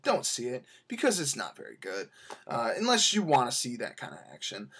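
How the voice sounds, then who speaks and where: A man's voice: a little high, big pitch swings, brisk, slightly rough. A young man talking casually as he reviews a movie, rambling along with many fillers and restarts.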